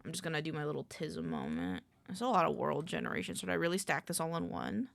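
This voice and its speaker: Gravelly, lively-voiced woman streamer. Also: low-pitched, fast talker. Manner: rambling, mutters lists to herself, greets chat. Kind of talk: casual live-stream chat.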